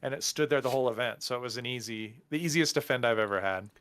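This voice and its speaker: A man co-playing a game on stream, chatting casually and telling stories with relaxed hesitations. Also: mid-range voice, quick pace, clean tone. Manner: relaxed storytelling, hesitant fillers. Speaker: co-player. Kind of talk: casual gaming chat.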